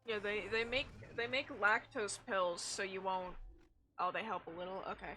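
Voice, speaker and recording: A young woman streams a game and chats casually, rambling bluntly and swearing often. Her mid-range voice is bright and forceful, with fairly even intonation and a moderate pace. There's slight background noise.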